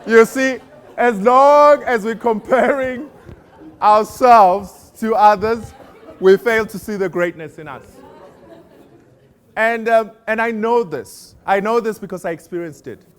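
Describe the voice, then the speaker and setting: A man's voice: high voice, takes it slowly, clean tone, a faint crowd. A man from South Africa giving an inspirational keynote talk on stage, telling stories with humor and asking the audience questions. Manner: storytelling, warm humor, asks the audience questions. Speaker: motivational speaker.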